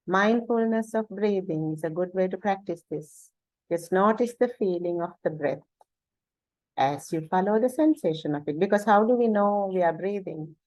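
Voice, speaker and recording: A woman guides a meditation lesson, leaving long deliberate pauses between her words. Her voice is mellow and low-set, and the recording is close and dry. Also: no room sound, rough recording. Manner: slow, pausing deliberately, with soft fillers and self-corrections. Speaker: meditation teacher.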